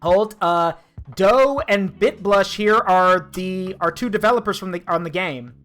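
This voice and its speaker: A woman streaming a game, reading its dialogue aloud and reacting with excitable, profane commentary over faint game music. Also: mid-range voice, a little slow. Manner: excitable, swears and laughs, comments freely.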